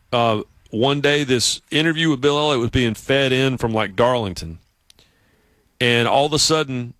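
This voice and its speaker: A man with a Southern US accent, from South Carolina, hosting a sports radio show and telling stories in a casual, animated way. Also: dry recording. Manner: animated storyteller, mimics coworkers in high voices. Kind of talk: casual radio chat and storytelling. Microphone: studio mic.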